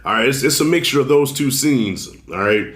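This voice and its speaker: A man giving a loose, conversational movie review, swearing now and then and talking to viewers as y'all, fighting a cold and clearing his throat. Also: medium pitch, expressive, a little fast, a bit bright, roomy sound. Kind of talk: casual spoken film review.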